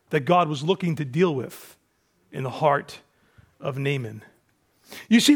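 High, gravelly-voiced male preacher. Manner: animated storytelling, acting out quotes. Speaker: pastor. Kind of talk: sermon.

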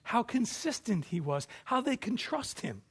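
A male pastor preaching a sermon, moving between hushed reflection and forceful declarations. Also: high-pitched, sing-song, a little slow, slightly rough.

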